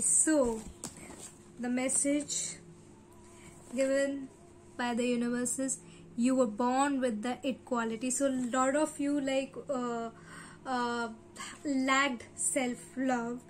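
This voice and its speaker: A woman's voice: high voice, slight background noise, rough recording. A woman from India with an Indian English accent, giving a casual, rambling tarot reading full of fillers. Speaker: tarot reader.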